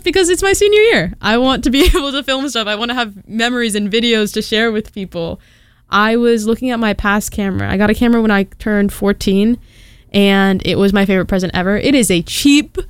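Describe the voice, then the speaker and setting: Chatty young woman, smooth dry voice. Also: mid-range voice, dry recording. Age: 20s. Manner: chatty and self-deprecating, quick laughs. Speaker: podcast host. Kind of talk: casual solo podcast chat.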